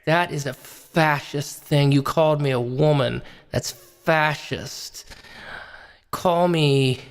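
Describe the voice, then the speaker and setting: A man's voice: on the high side, slow, clean tone. A man voicing a self-righteous woman pundit in a comedy sketch, preachy and repeating one word, in an echoey hall. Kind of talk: comedy sketch role-play.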